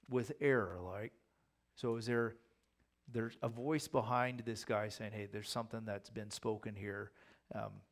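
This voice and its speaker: Gravelly-voiced male pastor teaching. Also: medium pitch. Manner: conversational, acts out quoted voices. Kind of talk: sermon Bible teaching.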